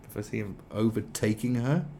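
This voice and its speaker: A man's voice: fairly low pitch, fairly quick, warm tone, slight background noise. A man giving a sarcastic, sweary commentary rant, repeating mock-polite questions over and over. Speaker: video commentator. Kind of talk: ranting commentary.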